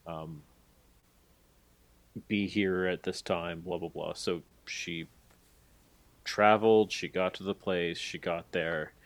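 A man's voice: sits low, steady tone, slow pace, long pauses, no room sound. A man co-hosting a podcast, recapping a story in a rambling, hedging way with lots of fillers. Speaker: podcast co-host. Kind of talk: casual podcast chat.

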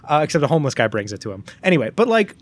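A man's voice: a little high, racing. A man co-hosting a podcast in casual chat, telling a long story with energy and acting out the lines of the people in it. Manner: animated storyteller who acts out quoted lines. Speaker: podcast co-host.

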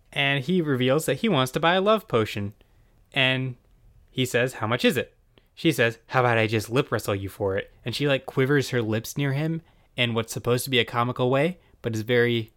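A man's voice: medium pitch, fairly bright tone. Wry male podcast host, casual recap delivery. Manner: wry, chatty, jumps into quick quoted voices.

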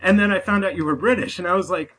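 A man's voice: high-pitched, quick pace, rough recording. A man guesting on a podcast, talking in a chatty, joking way with lots of "like". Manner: chatty, animated, says "like" often, jokey. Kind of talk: casual chat. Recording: faint background noise.

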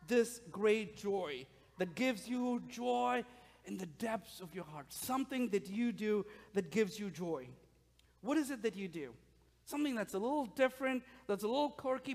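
A man with a high voice preaches to his congregation. He is playful and animated and keeps asking the room questions. His voice carries a long church reverb. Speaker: pastor. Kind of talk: sermon. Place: church sanctuary.

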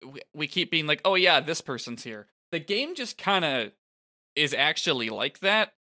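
Bright-voiced man chatting casually. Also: a little high, big pitch swings, normal speed. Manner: rambling, laughing, with lots of fillers. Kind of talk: casual chat recapping a game.

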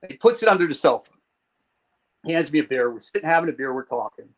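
A man from New Jersey, a podcast guest, telling a story in a lively way, swearing and acting out scenes. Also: fairly high pitch, quick pace, low-quality recording. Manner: animated, swearing, acts out scenes. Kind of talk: profane comic storytelling.

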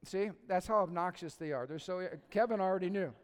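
A middle-aged male pastor delivers a conversational sermon in a slightly high voice, asking the congregation questions and mixing in humor. He moves between hushed, intimate stretches and loud, emphatic peaks. His voice carries a long reverb from a church sanctuary. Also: brisk, smooth.

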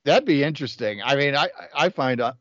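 A man's voice: medium pitch, lively intonation, brisk, fairly bright tone, no echo. A man appearing as a guest on a film podcast, chatting in an easygoing way and laughing often. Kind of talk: casual film discussion. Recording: dry, dull lo-fi podcast audio.

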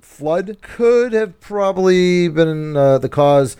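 A man's voice: sits high, animated, slow, mellow, smooth, no room sound. Jokey man telling stories. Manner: jokey storyteller, laughs mid-sentence. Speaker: podcast co-host. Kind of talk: casual chat.

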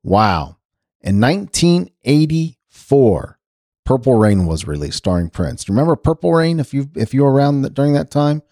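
A man's voice: mid-range voice, big pitch swings, normal speed, warm tone, dry recording, studio quality. Chatty man hosting a casual radio show. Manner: chatty, rambling, self-correcting. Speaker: radio host. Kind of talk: casual talk radio segment.

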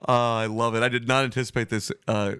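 A man's voice: medium pitch, level tone, quick pace, a bit bright, clear, resonant tone. A man hosting a sports podcast, bantering bluntly and swearing freely in casual talk. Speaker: podcast host.

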